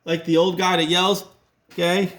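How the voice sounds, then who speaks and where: A man's voice: high-pitched, flat delivery, normal speed, fairly bright tone. A man with a Rhode Island accent teaching a casual classroom lesson, chatty and full of joking asides.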